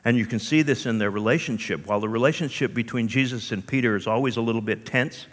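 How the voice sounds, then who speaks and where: A male pastor preaching a sermon with animated storytelling and rhetorical asides, in a church hall. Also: medium pitch, quick pace. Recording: long hall reverb.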